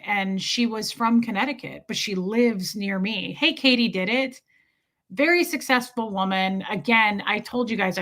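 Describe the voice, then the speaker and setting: A woman's voice: medium pitch, pushed and bright. A woman hosting a casual livestream, telling a rambling story and often breaking off to greet viewers in the chat. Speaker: content creator hosting a livestream.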